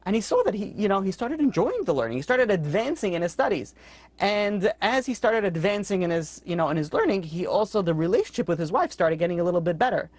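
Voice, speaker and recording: A man who teaches a weekly Torah class, telling stories in a quick, conversational way and jumping up in pitch when he voices characters. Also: big pitch swings, a little mellow, no echo. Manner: quick, conversational, acts out characters with sudden high-pitched outbursts.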